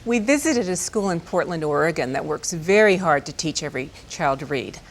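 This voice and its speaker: A woman's voice: sits low, lively intonation, a little fast. A woman hosting a broadcast program, introducing a filmed segment with polite on-air introductions. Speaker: host. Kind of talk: scripted TV hosting.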